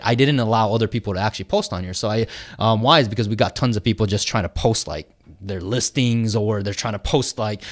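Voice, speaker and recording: A man giving an informal talk on marketing, thinking out loud as he reads and reacts to posts from his group. His delivery is loose and conversational, full of fillers and quick "right?" and "okay?" check-ins with the listener. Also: mid-range voice. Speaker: host of a marketing group video. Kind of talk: casual talk, reading posts aloud and commenting.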